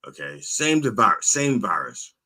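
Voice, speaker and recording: A man's voice: on the low side, sing-song, a little slow, sharp tone, slightly rough. A man hosting his own show in a casual monologue, telling a story animatedly, acting out both sides of a call, with frequent repeats and restarts. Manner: repeats words and restarts often. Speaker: host.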